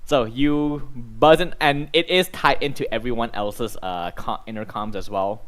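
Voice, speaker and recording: A man's voice: medium pitch, measured pace, fairly bright tone. A man running a tabletop game as game master, narrating loosely with lots of fillers.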